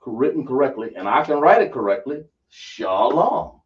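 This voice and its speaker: Speaking fast and expressively at a medium pitch, this religious instructor leads a class with emphasis, firing rhetorical questions at his listeners. It's captured in a dull, distant lo-fi recording.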